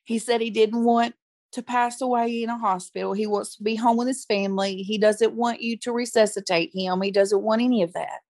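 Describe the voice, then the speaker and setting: A woman's voice: on the high side, a little fast, no echo, clean studio sound. A woman guest in an interview, telling a personal story candidly and acting out what people said. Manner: candid, animated retelling that acts out quoted speech.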